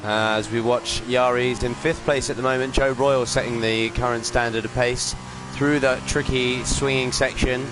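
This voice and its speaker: A man giving upbeat live commentary on a sim racing league stream, chatting with viewers and filling pauses with ums and uhs. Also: mid-range voice, background noise. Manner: greets chat viewers while commentating.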